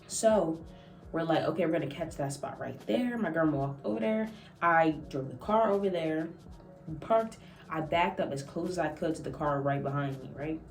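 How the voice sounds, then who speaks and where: A woman's voice: low-pitched, moderate pace, faint music behind. A young woman vlogger telling a casual story, acting out quotes and laughing often. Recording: echoey room, mic at a distance.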